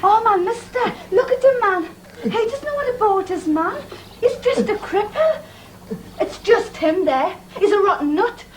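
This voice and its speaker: A woman's voice: very high-pitched, lively intonation, unhurried, slight background noise, low-quality recording. An actress playing a bossy, blunt young Geordie girl who scolds the others in a stage play. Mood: scornful.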